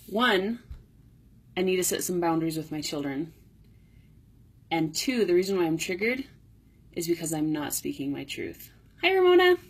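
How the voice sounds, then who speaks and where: A woman with a husky, slightly breathy voice chats on a phone-shot live video from home. She rambles and corrects herself as she talks to viewers, like a life coach having a casual catch-up. Her pitch sits in an ordinary middle range. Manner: rambling and chatty, self-correcting. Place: home indoors.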